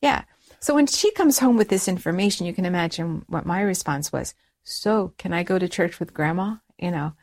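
A middle-aged woman telling a personal story as an interview guest, lively, raising her voice when she quotes people. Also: on the low side, normal speed. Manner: animated storytelling, acts out quoted dialogue in a raised voice. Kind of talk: personal conversion story in conversation.

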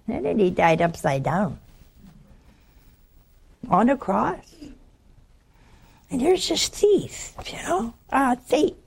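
A woman's voice: fairly high pitch, big pitch swings, slow pace, vocal fry, pauses often, breathy edge. A woman preaching a sermon in a teasing, conversational way, acting out the stories she tells.

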